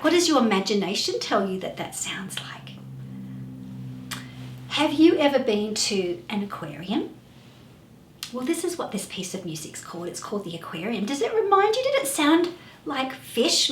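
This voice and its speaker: Woman, children's music teacher, sing-song, lively pitch, higher voice, echoey room, faint hiss. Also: normal speed. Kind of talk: kids' music class.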